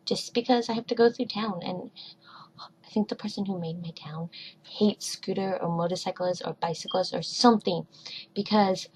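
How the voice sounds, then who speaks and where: A woman's voice: mid-range voice, moderate pace, darkish tone, slight background noise, rough recording. A woman in her twenties vlogging at home, rambling casually and dropping into whispered asides. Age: 20s. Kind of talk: casual chat.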